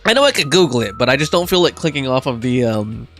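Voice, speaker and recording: A game streamer chatting with viewers, rambling and often laughing. The voice swings up and down in pitch a lot and stays in a middle register. The talk is loose and full of fillers. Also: big pitch swings, fast talker, a bit bright, soft background music. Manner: rambling, giggly, lots of fillers. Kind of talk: casual live-stream chat.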